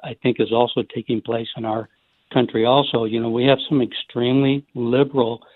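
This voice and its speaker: A man's voice: medium pitch, little pitch movement, a little fast, no room sound. Hesitant male caller on a phone line. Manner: hesitant, searching for words. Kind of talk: call-in question.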